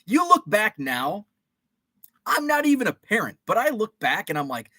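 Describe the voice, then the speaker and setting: A man's voice: sits high, huge pitch swings, moderate pace, bright, forceful tone, no echo, clean studio sound. A man around forty hosting a casual livestream, rambling through memories, greeting chat viewers by name and swearing mildly. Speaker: host.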